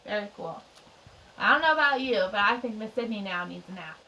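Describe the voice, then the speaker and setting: A woman teacher reading a picture book aloud to young children, expressive and chatty with little asides. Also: medium pitch, brisk, highs cut off, a little hiss or hum. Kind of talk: children's storytime read-aloud. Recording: distant mic.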